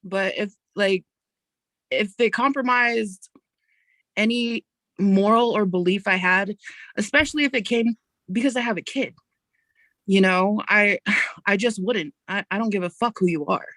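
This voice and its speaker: A woman's voice: mid-range voice, measured pace, pauses often, fairly bright tone, no echo. Sassy, frank woman guest, dry sound. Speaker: podcast guest. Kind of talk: casual podcast chat.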